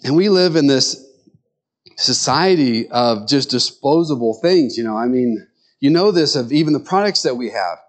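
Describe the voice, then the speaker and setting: Middle-aged male pastor, easygoing sermon delivery, lively storytelling voice. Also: medium pitch, normal speed. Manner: conversational, animated storytelling with quoted voices.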